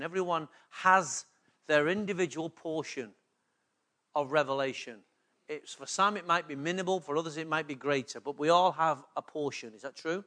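A man's voice: fairly high pitch, sharp tone. A man preaching a sermon as pastor, often putting rhetorical questions to the congregation.

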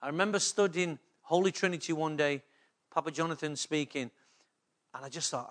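A man's voice: a little high, fairly quick, a bit bright. A man preaching a sermon as pastor, often putting rhetorical questions to the congregation.

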